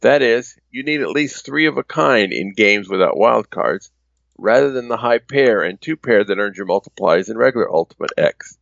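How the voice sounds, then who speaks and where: A man reading a scripted segment in a measured, explanatory way. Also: lowish voice, expressive, creaky, fairly bright tone, no room sound. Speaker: segment presenter. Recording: dull lo-fi recording.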